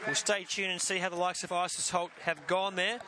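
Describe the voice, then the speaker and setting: A man with an Australian accent calling a distance race in a steady, even delivery. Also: high voice, brisk, a crowd in the background. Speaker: race commentator. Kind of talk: race call.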